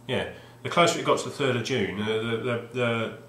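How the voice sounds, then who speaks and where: A man's voice: mid-range voice, a little fast, fairly bright tone, slight background noise. Rambling man in an echoey room. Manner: hesitant, restarts often, wry. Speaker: video game collector vlogger. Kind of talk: rambling casual monologue. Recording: roomy echoey home recording.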